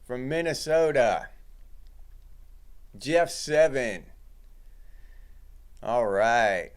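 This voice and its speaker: Slow-talking middle-aged man on livestream. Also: medium pitch, smooth. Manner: relaxed, chatty, reads and greets chat viewers. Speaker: livestream host. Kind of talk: casual livestream chat.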